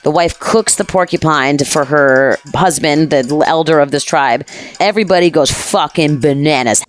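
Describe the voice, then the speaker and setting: A woman podcast host telling a story in casual chat, animated, dramatic and profane. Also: low voice, normal speed, soft background music.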